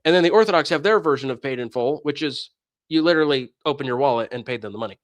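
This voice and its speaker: A man's voice: mid-range voice, quick pace, no room sound. A man streaming a casual commentary rant in a sarcastic, mocking manner.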